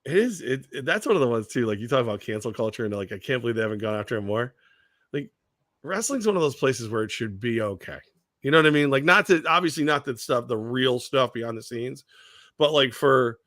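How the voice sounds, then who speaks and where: A man's voice: mid-range voice, lively intonation, a little fast, a bit bright, no room sound, studio quality. A man co-hosting a radio sports talk show, chatting casually and acting out the voices of people he quotes, swearing now and then.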